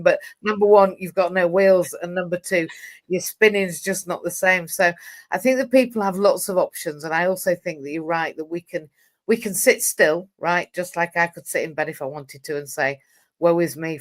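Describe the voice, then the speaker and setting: A woman's voice: lowish voice, moderate pace. A middle-aged woman hosting a live interview over a video call, talking in a rambling, jokey and effusive way. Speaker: host. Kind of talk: casual interview chat.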